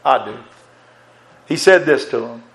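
A man preaching a sermon, fervent and emphatic, repeating words and swinging between raised and hushed delivery. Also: medium pitch, lively intonation, unhurried, a little hiss or hum, low-quality recording.

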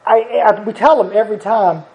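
A man's voice: high-pitched, moderate pace. A middle-aged man preaching a sermon in a folksy, conversational way, chuckling as he talks. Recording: dull lo-fi recording.

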